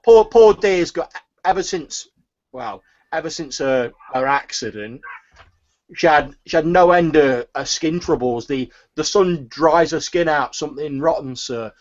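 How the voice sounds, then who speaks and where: A man's voice: fairly high pitch, measured pace, a little mellow, lo-fi sound, pitched above the performer's own voice, close to an everyday voice. A man voicing a nervous, fawning woman who sells turnips, stammering and calling everyone sir.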